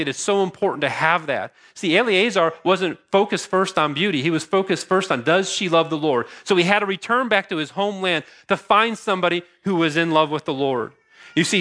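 A man's voice: fairly high pitch, pushed and bright. A middle-aged man preaching a sermon as pastor, earnest with casual asides and restarts.

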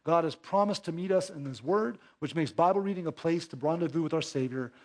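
A man preaching a sermon as pastor, dropping to hushed low asides and rising into emphatic exhortation, with rhetorical questions to the congregation. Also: brisk.

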